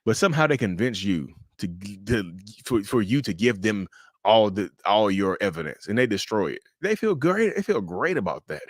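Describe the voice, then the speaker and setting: A man hosting a casual livestream, animated and joking, often stumbling and restarting as he answers viewers' questions. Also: on the low side, normal speed, no echo, clean studio sound. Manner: addresses viewers as y'all, answers chat questions. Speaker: livestream host.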